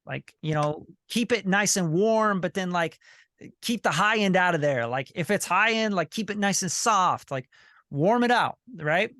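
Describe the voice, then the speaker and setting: Man, high voice, dry sound, blunt profane coach, video call, repeats himself. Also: animated, a little slow, sharp tone, no room sound. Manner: emphatic, profane, repetitive, says "you know what I'm saying". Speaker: sync licensing coach and group leader.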